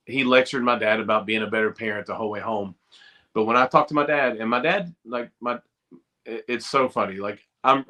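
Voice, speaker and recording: A middle-aged man, a former football player telling an animated story as a podcast guest over a video call. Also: mid-range voice. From Eastern Kentucky. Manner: animated storyteller, acts out quoted voices.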